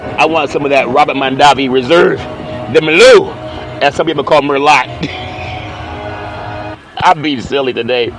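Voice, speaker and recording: A man hosting a sports talk show, chatting playfully and reading a live ad with bursts of loud excited exclamations. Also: mid-range voice, moderate pace, pauses often, faint music behind, a faint crowd, rough recording. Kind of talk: casual talk show monologue with live ad read.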